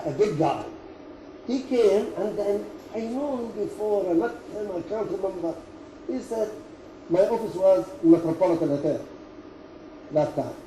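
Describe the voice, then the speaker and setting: Older emirati guy, chairman, halting english with lots of uh, dark mellow voice, far off in a roomy hall. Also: on the high side. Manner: halting, chuckling storyteller in non-native English. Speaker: company chairman. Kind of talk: anecdote-telling at a business talk. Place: meeting room at company headquarters. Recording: roomy, from far off, faint noise.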